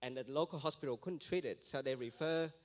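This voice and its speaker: Male missionary, storytelling testimony at church, mid-pitched voice, animated delivery. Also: brisk. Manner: lively storytelling, acting out quoted voices.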